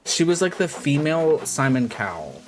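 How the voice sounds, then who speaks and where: Over background game music, a man streams a game and chats casually, rambling with plenty of filler words. His voice sits a little high, with a sing-song lilt and a normal speed.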